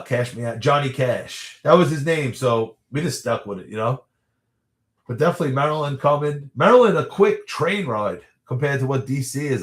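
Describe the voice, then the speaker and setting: A man's voice: mid-range voice, echoey room. Chatty rambling man on a livestream. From New York area. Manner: rambling, chatty, laughs often. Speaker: livestream host. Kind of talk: casual livestream chat answering viewer questions.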